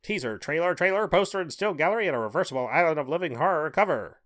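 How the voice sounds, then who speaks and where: A man putting on a fast-talking old-timey male announcer voice to read out a list of disc extras in a rapid, clipped way. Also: fairly high pitch, lively intonation, a bit bright. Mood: brisk. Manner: rapid, clipped reading of lists.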